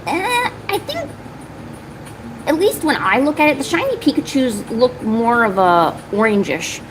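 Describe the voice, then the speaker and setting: A woman's voice: sits high, sing-song, measured pace, background noise. A woman chatting casually on her art live stream, talking to viewers and cooing at her cat between drawing. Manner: chatty, coos baby talk to her cat.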